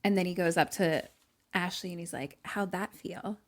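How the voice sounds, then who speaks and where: A woman's voice: lowish voice, moderate pace. A young woman co-hosting a podcast, casually recapping a movie scene by scene, quoting the characters and laughing often. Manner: retells scenes with acted-out quotes, laughs often.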